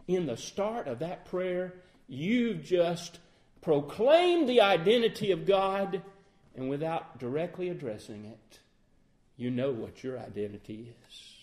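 Middle-aged guy giving a sermon, earnest, high-ish voice, acts out example lines. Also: very animated, a little slow. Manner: earnest, asks the listeners questions, acts out sample phrasings. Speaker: lay preacher.

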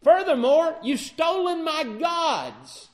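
A man's voice: high-pitched, sing-song, a little slow. A man voicing an angry, aggrieved older father-in-law who accuses and then grudgingly makes peace, in a spoken Bible story. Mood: indignant. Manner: indignant, accusing.

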